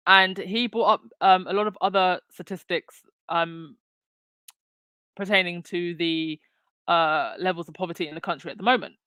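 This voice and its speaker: A woman's voice: mid-range voice, a little slow, long pauses, bright, forceful tone, smooth, no echo. A woman hosting her own commentary channel, talking casually with lots of fillers and restarts. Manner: chatty, many fillers and restarts. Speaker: channel host.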